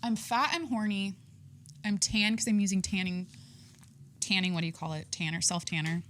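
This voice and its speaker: A woman hosting her own podcast in a casual solo chat, talking forcefully from the chest and rambling with lots of fillers. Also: mid-range voice, fairly even intonation, moderate pace, slight background noise. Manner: forceful, talks with full chest; chatty, rambling with many fillers. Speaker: podcast host.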